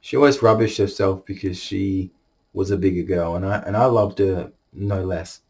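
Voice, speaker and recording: A young man telling a personal story to the camera, halting and emotional, holding back tears. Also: sits low, darkish tone. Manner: halting, emotional, many restarts.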